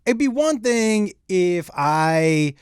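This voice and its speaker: A man from Massachusetts, a comedian guest on a podcast, telling stories in an animated way with frequent laughs. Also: sits high, extremely slow, smooth, dry recording, studio quality. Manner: animated storyteller, laughs often. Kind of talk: casual podcast chat.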